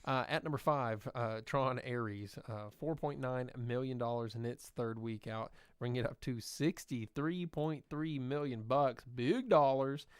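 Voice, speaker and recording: A man's voice: mid-range voice, fairly even intonation, unhurried, few pauses, clear, resonant tone, no echo, clean studio sound. A man co-hosting a podcast, running through box office figures in a casual, upbeat way with frequent fillers. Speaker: podcast co-host. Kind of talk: casual chat, reading box office numbers.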